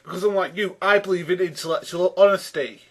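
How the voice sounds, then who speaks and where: A man's voice: high-pitched, fast talker, a bit bright. A man giving an argumentative response commentary, exasperated, often calling his opponent by name and restarting his sentences as he builds each point. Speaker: YouTube commentator rebutting a video.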